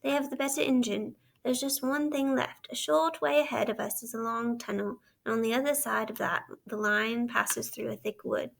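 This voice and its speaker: A kindly but stern train engine driver talks in a steady, plainspoken way in a storybook read-aloud, as a woman reads his part. The voice sits fairly high and has a heavy gravelly grain. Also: normal speed, hardly any pauses. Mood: urgent.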